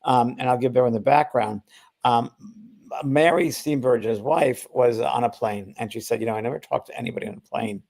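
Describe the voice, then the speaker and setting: The voice belongs to an older man whose mid-range tone is gravelly, brisk, and a little mellow. A spiritual medium guesting on a podcast, he tells a long, rambling anecdote casually, with frequent restarts, fillers, and quoted voices he acts out.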